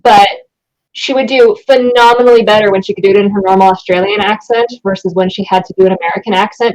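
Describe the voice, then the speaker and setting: A woman who used to work in talent management, teasing and chatting in a relaxed group conversation. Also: medium pitch, poor audio. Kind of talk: casual group chat.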